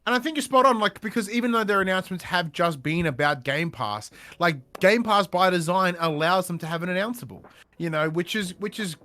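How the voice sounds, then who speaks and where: Animated high-voiced male podcast host. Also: fairly quick. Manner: animated, emphatic, swears casually. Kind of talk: casual podcast chat.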